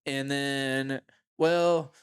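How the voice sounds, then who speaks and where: A man co-hosting a podcast, talking in a casual, animated, rambling way, swearing and saying "like" a lot. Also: mid-range voice, extremely slow, smooth, no room sound, clean studio sound. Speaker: podcast co-host. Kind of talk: casual chat. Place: gym.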